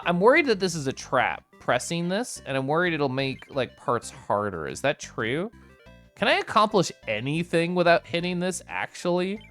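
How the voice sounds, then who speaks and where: A man's voice: on the high side, a bit bright. A man streaming a game, chatting casually with viewers, bubbly and giggly. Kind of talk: casual live-stream chat.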